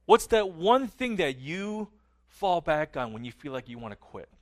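A middle-aged man preaching a sermon earnestly, his phrases often trailing off softly at the ends. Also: on the high side, big pitch swings, moderate pace. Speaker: pastor.

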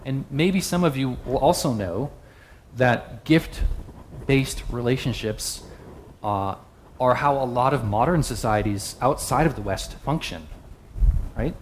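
A man preaching a sermon in a relaxed, conversational way, often turning to ask his listeners questions. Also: mid-range voice, takes it slowly, a little hiss or hum. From the West. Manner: conversational, asks the audience questions.

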